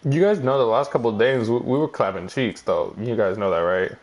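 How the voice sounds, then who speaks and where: A man's voice: medium pitch, a little fast, a little hiss or hum. A young man trash-talking and teasing friends during a casual gaming session. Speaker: gamer playing with friends.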